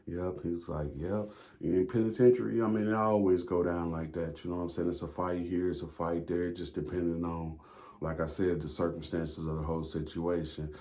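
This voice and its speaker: A man with a very deep voice and a dark, mellow tone tells a story in a casual, rambling monologue. His delivery is flat and fairly quick, full of slang, free swearing and fillers as he keeps circling back.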